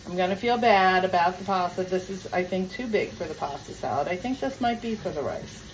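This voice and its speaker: A woman's voice: on the low side, lively intonation, a little fast, a little hiss or hum, rough recording. A woman chatting casually in her home kitchen as she cooks and vents about her pet peeves. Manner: chatty, venting pet peeves while cooking. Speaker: cooking vlogger. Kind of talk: casual kitchen vlog chat.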